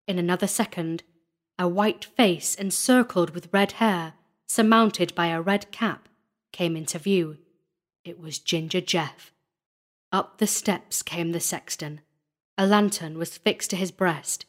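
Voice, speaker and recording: A woman narrating a gothic horror story as a dramatic audiobook reading, measured and building tension. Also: fairly low pitch.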